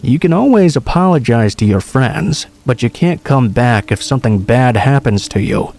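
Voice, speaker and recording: A man reading true scary stories aloud in a steady, measured first-person narration. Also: medium pitch, vocal fry. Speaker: horror story narrator.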